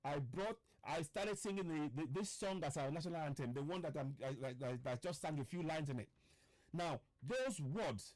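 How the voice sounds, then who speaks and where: A man's voice: on the high side, lively intonation, darkish tone, no echo. A man giving an impassioned political livestream address as an online radio broadcaster, preaching and repeating points with emphasis. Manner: preaching, repetitive and emphatic, slows for stress; greets viewers by name mid-speech.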